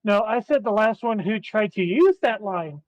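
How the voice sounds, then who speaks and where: A man's voice: high-pitched, expressive, dry recording, low-quality recording. A man playing a tabletop game, speaking bluntly and casually with plenty of swearing. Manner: blunt, profane, quick. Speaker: player.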